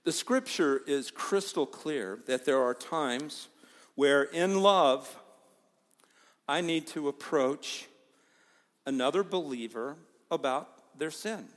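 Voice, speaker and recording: A man preaching a sermon as pastor, emphatic, with loud stresses and hushed asides. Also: mid-range voice. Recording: long hall reverb.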